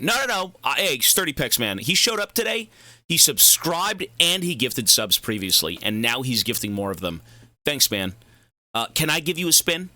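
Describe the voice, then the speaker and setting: Animated, rambling young male streamer. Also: mid-range voice, normal speed, dry recording. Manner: rambling, profane, goes off on tangents. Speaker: game streamer. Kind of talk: casual livestream chat while gaming.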